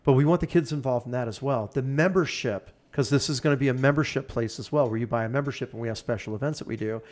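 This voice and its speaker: A man's voice: mid-range voice, fast, a little mellow. Enthusiastic rambling man. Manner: enthusiastic, rambling, piles up plans. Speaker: podcast guest. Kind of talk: casual chat.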